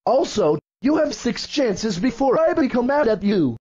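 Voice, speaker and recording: A man's voice: very animated, measured pace, a little mellow, husky, exaggerated voice. A man voicing a bossy purple dinosaur who scolds and threatens, in a fan-made cartoon with dull, lo-fi sound. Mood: scolding. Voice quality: very high-pitched. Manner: scolding, threatening, repeating rules. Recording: dull lo-fi audio.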